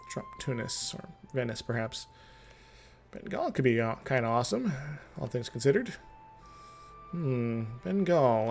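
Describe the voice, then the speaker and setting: Male streamer, gravelly and unhurried, rambling jokey game commentary. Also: mid-range voice, a little mellow. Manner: rambling, muttering thoughts aloud; jokey and self-amused. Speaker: live-streaming gamer. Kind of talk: casual strategy-game commentary.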